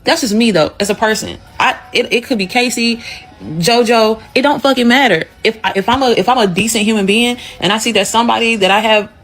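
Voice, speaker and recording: A woman's voice: fairly high pitch, a bit bright, low-quality recording. Woman, co-host, casual commentary, blunt, heated, curses a lot.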